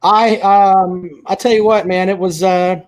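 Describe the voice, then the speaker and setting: A man's voice: high-pitched, fairly even intonation, measured pace, darkish tone. A man hosting a live call-in sports show, loose and hesitant with many fillers. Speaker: show host taking calls.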